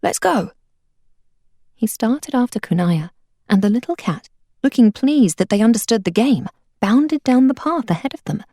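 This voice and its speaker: A woman reads a storybook aloud with lively, expressive rise and fall. Her voice sits in a middle range and sounds close to the mic, with a dry finish. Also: on the high side, normal speed, no room sound. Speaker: narrator. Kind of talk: audiobook reading.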